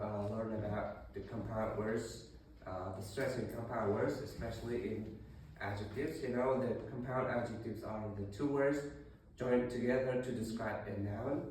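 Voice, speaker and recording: A man's voice: fairly low pitch, a little mellow, a little hiss or hum. A male English teacher leading a classroom lesson, explaining step by step with fillers and restarts. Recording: very echoey room, voice far from mic.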